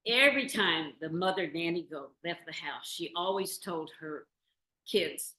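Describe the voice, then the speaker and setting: A woman storyteller telling a folk tale to a small group in a meeting room, lively and asking the audience questions. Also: lowish voice, normal speed. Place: meeting room in a community venue. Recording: roomy meeting-room recording.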